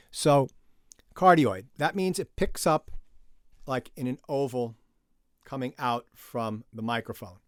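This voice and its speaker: A man teaching an online music production class, explaining microphones in a casual way while he demonstrates the gear. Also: mid-range voice. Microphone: studio condenser microphone, moved around.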